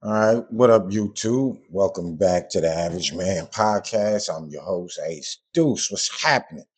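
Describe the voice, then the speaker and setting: A male podcast host talks through a reaction casually, blunt and frank, swearing at times and repeating himself when puzzled. His deep voice is animated and breathy-edged, with a measured pace.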